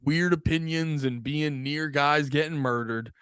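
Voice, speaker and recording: Profane, rambling podcast host. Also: male voice, a little high, a little slow, a bit bright, clean tone, dry recording, clean studio sound. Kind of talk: casual chat.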